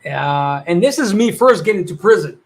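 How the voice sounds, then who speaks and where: A man with a notably high voice talks loosely to his livestream audience, reading out viewers' comments. His speech is full of streetwise slang and easy laughs. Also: expressive, moderate pace. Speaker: livestream host.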